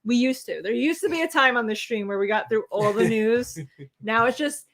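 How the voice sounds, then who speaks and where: A woman's voice: a little high, moderate pace, hardly any pauses, a bit bright. Teasing woman greeting livestream chat. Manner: teasing, rambling, reads out viewer names. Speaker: co-host of a livestream show. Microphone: webcam.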